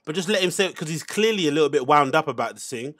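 A man's voice: a little high, expressive, fast, a bit bright. A man hosting a casual commentary, reacting to podcast clips in an exasperated, sarcastic rant.

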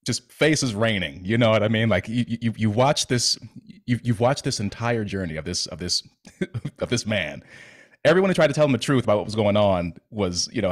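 A man hosting a podcast interview, earnest and halting, with many fillers and restarts as he asks questions. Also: lowish voice. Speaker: podcast host.

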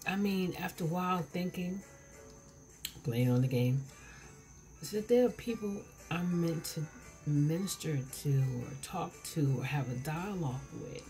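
A woman's voice: low voice, lively intonation, unhurried, mellow, faint music behind. A woman in her forties vlogging at home while eating, rambling and chatty, recorded on her camera. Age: 40s. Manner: rambling, self-interrupting, chatty. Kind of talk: casual vlog while eating. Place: home, indoors. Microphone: camera mic.

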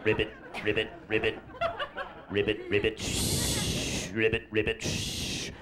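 A man voicing a small plodding male frog with low, soft repeated croaks on a noisy live stage recording. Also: flat delivery, takes it slowly. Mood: croaking.

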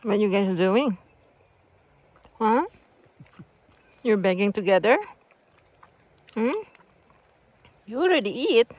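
A woman filming her dogs outdoors by a river, coaxing and praising them in a high sing-song voice. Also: expressive, takes it slowly, long pauses, darkish tone, slightly rough, no room sound. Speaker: dog owner filming her pets. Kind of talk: casual vlog narration, talking to dogs.

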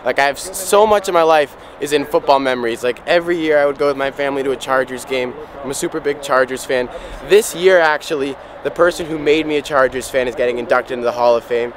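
A man vlogging with a handheld camera as he walks a museum hall, gushing with excitement. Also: mid-range voice, quick pace, a crowd in the background. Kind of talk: casual vlog commentary. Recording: noisy background.

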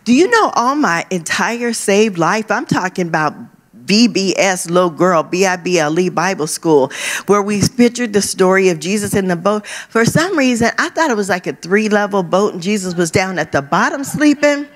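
A woman pastor preaches to her church in a conversational, playful way. Her voice sits at a middle pitch. She drops in lively asides and jokes as she goes. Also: normal speed. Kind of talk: sermon. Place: church stage.

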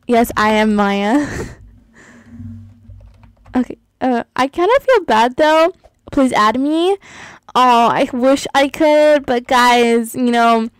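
A woman's voice: high voice, clean tone, rough recording. A young woman chatting casually as she plays, gushing and giggling often as she comments on her game. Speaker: gaming YouTuber.

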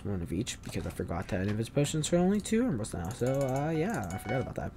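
A man hosting a gaming channel, rambling through Minecraft commentary and bursting into loud angry yelling. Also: medium pitch, sing-song, quick pace, slight background noise.

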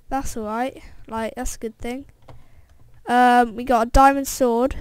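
A woman with a fairly high voice narrates her gameplay for viewers, reacting aloud to every setback and win. She talks at an unhurried pace, and the sound is dry and close. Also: smooth, no room sound. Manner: excitable, reacting aloud to the game; talks straight to viewers as guys. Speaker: gameplay video host. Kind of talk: let's-play gameplay commentary.

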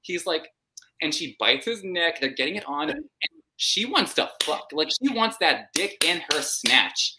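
A woman with a low but bright, sharp-edged voice hosts a live book club discussion. She tells the story bluntly and swears freely, putting on mock voices as she goes. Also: unhurried, a little hiss or hum. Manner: blunt, profane, animated retelling with mock voices.

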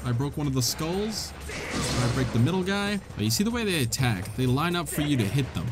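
A man giving excitable, self-mocking let's play commentary, laughing often at his own mistakes, with game music in the background. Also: a little high, fairly quick. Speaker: gamer, channel host.

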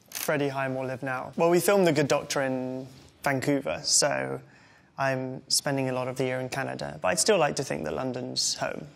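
A man's voice: mid-range voice, creaky. A man in his twenties with an English accent reads questions aloud and answers them with wry, self-deprecating humor. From England. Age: 20s. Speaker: interviewee.

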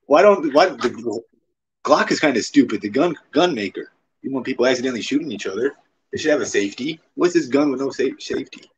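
A man's voice: mid-range voice, expressive, fast talker, a little hiss or hum, poor audio. A man hosting a casual livestream chat, teasing his guest with prodding questions. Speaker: livestream host.

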